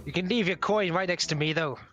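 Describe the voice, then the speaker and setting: A man's voice: high voice, fast talker, a bit bright, faint music behind. A man voicing a foul-mouthed male AI box that cleans a pond, speaking in a Cockney accent. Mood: grumbling. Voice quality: rude, swearing, territorial.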